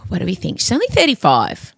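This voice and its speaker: A woman co-hosting a podcast in casual chat, wry and quick to laugh while telling stories. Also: fairly low pitch, huge pitch swings, gravelly, breathy edge, dry recording. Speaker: podcast co-host.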